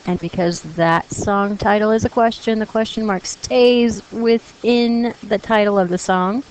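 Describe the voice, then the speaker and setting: A woman's voice: lowish voice, darkish tone, a little hiss or hum, rough recording. Patient woman teaching a grammar lesson. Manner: patient, encouraging, reads examples aloud.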